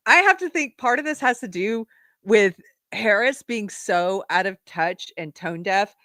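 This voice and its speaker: A woman's voice: medium pitch, measured pace, no room sound, studio quality. Sarcastic woman hosting a live commentary show. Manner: sarcastic, animated, laughs often. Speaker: host.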